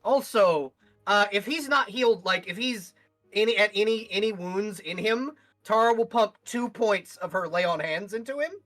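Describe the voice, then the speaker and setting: Bright, animated woman playing a tabletop game. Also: mid-range voice, moderate pace, faint music behind, rough recording. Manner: animated, swears freely, bursts into in-character outbursts. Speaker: player. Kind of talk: tabletop role-play.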